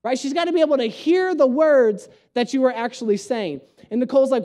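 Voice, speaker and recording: A man's voice: very high-pitched, a little fast, few pauses. A young man, a pastor, preaching a conversational sermon full of jokes and home stories. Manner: animated, joking storyteller.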